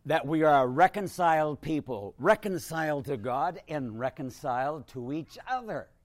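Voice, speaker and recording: An older male priest preaches to his congregation in a slightly raised pitch, conversational and wry, swinging from emphatic bursts down to hushed asides. The recording is studio quality with no echo.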